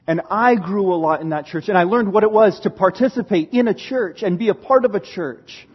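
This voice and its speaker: A man preaching a sermon, telling a story with animated delivery, dramatic slowdowns and hushed asides. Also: high voice, breathy edge, lo-fi sound. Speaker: pastor.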